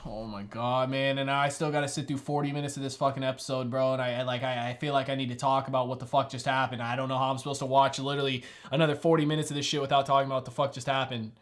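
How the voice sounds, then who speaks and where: A young man reacting to a TV episode with loud, profane, exasperated exclamations. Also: mid-range voice, flat delivery, racing, few pauses. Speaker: video reactor. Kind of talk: reaction commentary.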